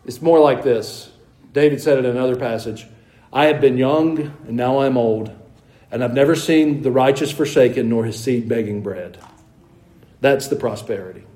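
A pastor with a dark-toned, medium-pitched voice speaks at a moderate pace on a low-quality recording. His sermon in the church sanctuary is conversational, with questions for the congregation, mock voices, and wry asides.

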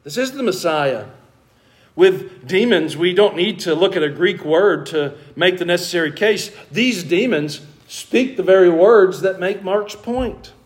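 A man pastor preaching a sermon in a church, slowing down to stress key words as he explains scripture. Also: sits high, animated. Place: church sanctuary.

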